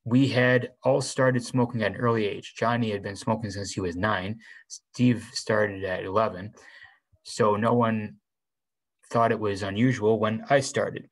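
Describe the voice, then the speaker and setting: A man reading a novel aloud in the first person, unhurried, with small restarts. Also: lowish voice, low-quality recording. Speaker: reader.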